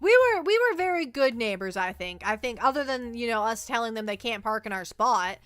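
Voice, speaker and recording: A woman streaming as a VTuber, chatting casually in a rambling, animated way and reacting to her chat. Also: fairly high pitch, brisk, no room sound, soft background music. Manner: rambling, animated storytelling, reads chat aloud.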